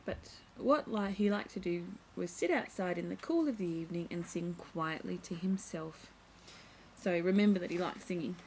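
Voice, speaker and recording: A woman's voice: lowish voice, normal speed, darkish tone, slight background noise, poor audio. A young woman vlogging at home, chatting casually as she shows and reads from a children's picture book, full of playful asides.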